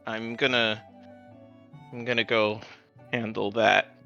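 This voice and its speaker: A man voicing a blunt young woman who speaks tersely and deadpan. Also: lowish voice, takes it slowly, creaky, highs cut off, soft background music, voice pushed down, full character voice.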